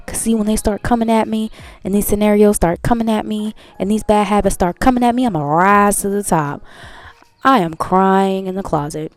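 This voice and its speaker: A woman's voice: mid-range voice, normal speed, a little mellow, no room sound, faint music behind. Earnest woman giving a healing pep talk. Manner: earnest, repetitive, laughs at herself. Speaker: host. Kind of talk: casual motivational talk.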